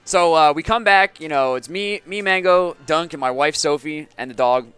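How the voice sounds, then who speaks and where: Brief: young male host, sick, smooth and resonant, higher voice, animated storyteller, faint music under. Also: normal speed, no echo. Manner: animated storyteller, shouts and laughs through quotes. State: sick, sounds different. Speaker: show host. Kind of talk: casual storytelling chat.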